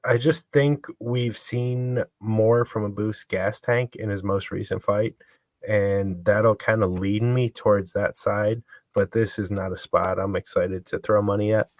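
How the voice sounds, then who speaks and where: A man co-hosting a casual podcast, weighing fight picks in a measured, analytical way. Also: fairly low pitch, fairly even intonation, no room sound. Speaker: podcast co-host. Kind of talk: casual sports betting chat.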